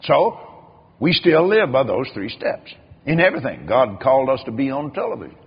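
Older man, preaching, husky voice, lively swooping pitch, dull lo-fi sound. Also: normal speed. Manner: animated storytelling, acts out quoted voices, repeats words. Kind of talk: sermon. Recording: dull lo-fi recording.

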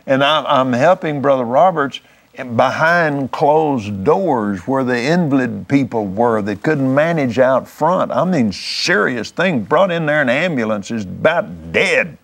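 A man's voice: medium pitch, expressive, measured pace, fairly bright tone. A man preaching, telling a testimony story in a fervent, folksy way, often restarting his words.

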